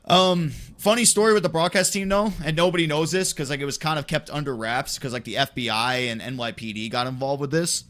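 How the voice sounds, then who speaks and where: A man's voice: fairly high pitch, fairly quick, hardly any pauses. A young man, an esports play-by-play commentator, telling a story in casual podcast chat with plenty of swearing. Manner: profane, animated storytelling.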